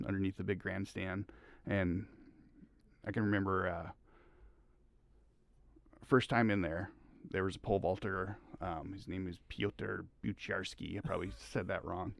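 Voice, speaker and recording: A middle-aged man, a high school track coach, telling rambling stories as a podcast guest, laughing often. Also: creaky, no room sound. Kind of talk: casual podcast conversation.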